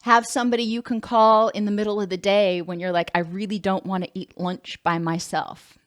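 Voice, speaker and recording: A woman counselor speaks in a relaxed, conversational lecture style. Her voice sits at an ordinary middle pitch. Now and then she breaks off to correct herself. The recording is close and dry, with no room echo. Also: a little fast. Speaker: licensed counselor.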